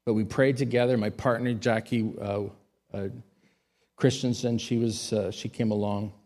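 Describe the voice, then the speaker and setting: A man's voice: medium pitch, fairly even intonation, normal speed. Man preaching a storytelling sermon. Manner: storytelling, rising to loud emphatic peaks. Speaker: pastor.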